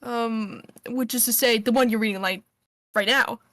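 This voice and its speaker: A woman's voice: a little high, steady tone, normal speed, a bit bright, no echo, natural voice. A woman reading as a cheerful letter-writing girl. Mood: earnest.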